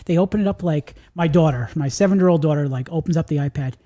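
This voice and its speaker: Fast-talking New York man, mellow voice. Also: fairly high pitch. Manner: fast-talking, animated storyteller, laughs often. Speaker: podcast host. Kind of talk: casual podcast chat.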